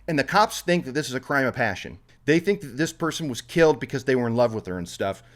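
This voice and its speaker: A man's voice: mid-range voice, sing-song, fast talker. A man hosting a podcast in casual chat, animatedly acting out characters' lines as he recaps. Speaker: podcast host.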